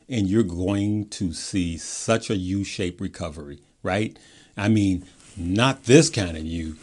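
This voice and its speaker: A man's voice: lowish voice, darkish tone. A man hosting his own stock market video, talking in a hyped, rambling way that breaks off and restarts. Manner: hyped, rambling, self-interrupting. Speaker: stock market channel host. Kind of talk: casual investing video talk.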